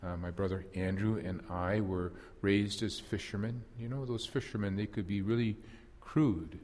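A man's voice: on the low side, steady tone, normal speed, darkish tone, long reverb tail, natural voice. A man playing an impulsive apostle fisherman in a first-person dramatic monologue, telling his story earnestly and reflectively with wry self-deprecation.

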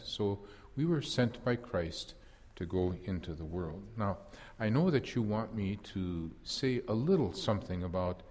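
A man giving voice to an impulsive old fisherman-apostle who looks back on his failings with earnest candor and a wry, self-mocking edge. The voice sits fairly low, and a long hall reverb trails behind every phrase in this first-person dramatic monologue. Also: a little mellow. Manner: earnest reflective storytelling with wry self-deprecation.

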